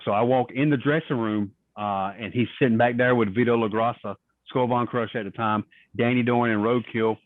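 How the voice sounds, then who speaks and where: A man's voice: mid-range voice, normal speed, dry recording. Man telling stories over a tinny line. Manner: animated storyteller acting out quoted voices. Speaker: guest, retired wrestler. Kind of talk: casual interview storytelling. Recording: tinny phone-like line, dry.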